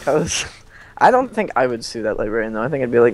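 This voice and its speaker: A man's voice: mid-range voice, sing-song, quick pace. A young man hosting a multiplayer strategy game session, rambling and joking in casual banter. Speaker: let's play host.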